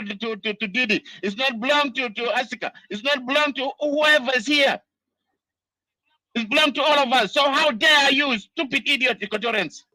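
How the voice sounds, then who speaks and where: A man's voice: extremely high pitch, bright, forceful tone, no room sound, poor audio. A man from Sudan, delivering an angry, impassioned political monologue full of repeated "you know"s. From South Sudan. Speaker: diaspora political commentator.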